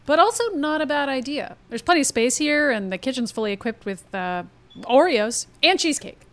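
A woman's voice: high-pitched, expressive, a little fast, a bit bright. A woman playing in a tabletop role-play, upbeat and practical. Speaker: player.

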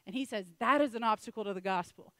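A woman preaching a sermon in a lively way, often acting out the voices of the people she quotes. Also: mid-range voice, fast talker, no room sound. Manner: animated, acts out quoted voices.

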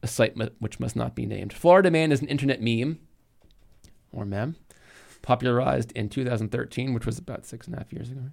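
A man's voice: mid-range voice, fairly even intonation, fast, gravelly, darkish tone. A man in his forties with a New England accent, co-hosting a casual chat in a joking, rambling way. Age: 40s. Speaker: podcast co-host.

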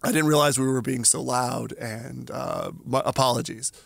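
A man co-hosting a podcast, telling a story in an emphatic, animated way and acting out the voices of the people in it. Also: medium pitch, normal speed, vocal fry, dry recording. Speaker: podcast co-host. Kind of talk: casual chat, storytelling.

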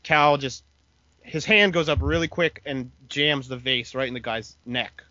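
A man's voice: medium pitch, measured pace, sharp tone, lo-fi sound. A man in casual chat, recapping a show in a plain, matter-of-fact way. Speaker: podcast co-host.

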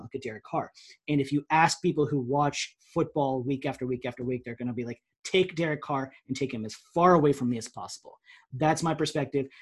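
Male podcast co-host, opinionated, husky voice. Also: medium pitch. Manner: opinionated, emphatic. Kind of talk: casual sports podcast chat.

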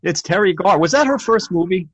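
A man's voice: high voice, over a noisy crowd. A man hosting a casual film chat, teasing his guests. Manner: quick, animated, teasing. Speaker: host. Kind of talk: casual podcast chat about films.

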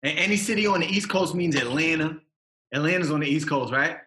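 A man's voice: on the high side, fairly quick, bright, forceful tone, roomy sound. A man, a rapper talking as a podcast guest, passionate and emphatic with street slang. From Massachusetts. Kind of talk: casual podcast interview.

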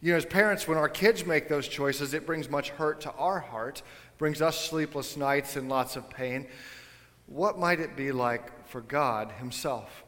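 A man preaching a sermon to his congregation, casual and animated, with joking asides to his listeners. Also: fairly high pitch, unhurried, big-room sound. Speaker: pastor. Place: church sanctuary.

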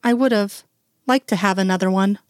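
A grieving woman speaks in a hushed, halting voice, read out by a woman narrator. She sounds quietly anxious and close to tears. The sound is dry and close. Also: mid-range voice, dry recording, lightly acted. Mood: uncertain.

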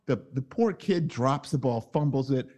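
Man, podcast host, casual chat, lively pitch, video call. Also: moderate pace. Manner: animated, excitable storytelling.

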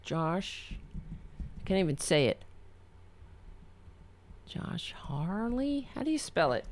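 A woman commenting on a video, sarcastic and swinging from loud rants to low muttering. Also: sing-song, slow pace, slight background noise. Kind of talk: casual reaction commentary.

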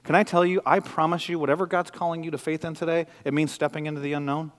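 A man in his thirties, a pastor, preaching a sermon with lively storytelling and acted-out quotes. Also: on the high side, quick pace. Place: church sanctuary. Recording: long church hall reverb.

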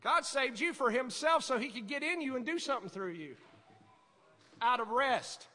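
A man preaching a sermon as pastor, conversational and animated, acting out voices in his stories. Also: very high voice, normal speed, big-room sound.

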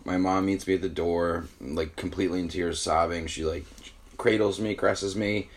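A man's voice: low voice, fairly even intonation, normal speed. A man co-hosting a casual podcast, joking around and telling a rambling story. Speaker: podcast co-host. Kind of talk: casual chat.

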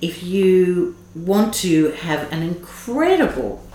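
A woman's voice: lowish voice, big pitch swings, slow, warm tone. A woman hosting an interview, effusive in her praise and hesitant, with frequent fillers. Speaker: interview host. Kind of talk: interview conversation. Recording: echoey room with faint noise.

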